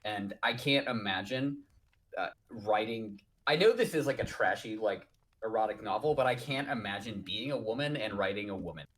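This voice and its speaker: A man's voice: fairly low pitch, lively intonation, normal speed, a bit bright. A man co-hosting a casual podcast, talking in a sarcastic, blunt and profane way. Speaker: podcast co-host. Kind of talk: casual chat.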